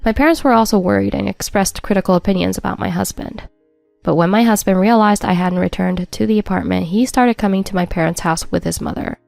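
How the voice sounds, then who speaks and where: A woman's voice: medium pitch, a little fast, creaky, a little mellow, no room sound, soft background music. A woman narrating a first-person story in a wry, matter-of-fact scripted read.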